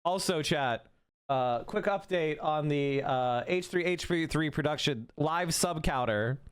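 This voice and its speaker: A man's voice: on the high side, slow, smooth. A man on a live stream reading an article aloud to his chat, casual, with small slips and restarts.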